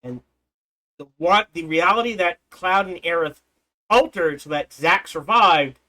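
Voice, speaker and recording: A man's voice: sits high, measured pace, sharp tone, poor audio. A man in his forties giving casual, rambling gameplay commentary, often restarting and correcting himself. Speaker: let's play host.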